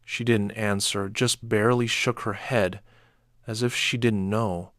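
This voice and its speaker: A man reading a first-person horror story as scripted narration, measured and low-key, with sharp outbursts when quoting. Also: steady tone, dry recording, clean studio sound.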